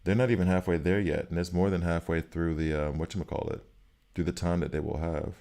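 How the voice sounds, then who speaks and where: Man, very low voice, casual game streamer, chatty, thinking aloud. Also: flat delivery, a little fast, a little mellow. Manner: chatty, talks to chat viewers, thinks aloud. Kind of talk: casual live-stream commentary while playing.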